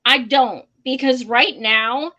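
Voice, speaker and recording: A slow-talking young woman with a high, bright voice co-hosts a casual political livestream. She talks bluntly and curses freely, and she laughs often between points. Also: dull audio. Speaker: co-host of a political live stream.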